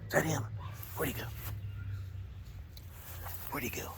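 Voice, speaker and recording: A man's voice: a little high, fairly even intonation, measured pace, gravelly, noisy background. A man talking casually outdoors to his dog, coaxing and scolding it with exasperated chuckles. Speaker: dog owner. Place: outdoors near a house and garage.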